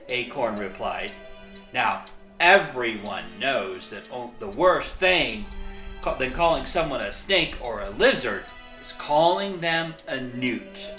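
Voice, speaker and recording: A narrator reading a children's storybook aloud in an expressive, lively storytelling manner. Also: mid-range voice, slow pace, reverberant, faint music behind.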